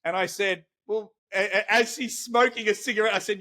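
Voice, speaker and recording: An Australian man tells stories with lots of energy and frequent laughs in a relaxed podcast conversation. His voice sits high and sounds bright. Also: a little fast. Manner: animated storytelling, laughs often. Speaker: guest, celebrity interviewer. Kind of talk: casual podcast chat.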